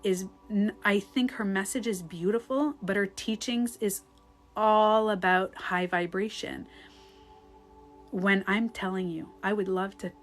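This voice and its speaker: A woman coaching on a live stream, chatting casually and answering comments, rambling and candid, swearing and laughing easily, sometimes dropping to a hushed voice. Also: medium pitch, steady tone, a little slow, soft background music.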